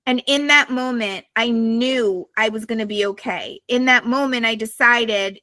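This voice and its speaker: Blunt, profane woman with a bright voice. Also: on the high side, steady tone, measured pace, no echo. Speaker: podcast guest. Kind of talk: candid storytelling to a live audience. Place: live podcast recording.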